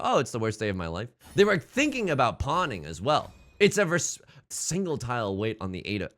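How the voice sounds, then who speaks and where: A young man commentating his own game with a lively, swooping voice and a bright, forceful tone. He jokes his way through each move and talks straight to his rivals on screen. Music plays quietly behind him. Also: mid-range voice. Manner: animated, jokey, talks to opponents on screen. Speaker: let's play host.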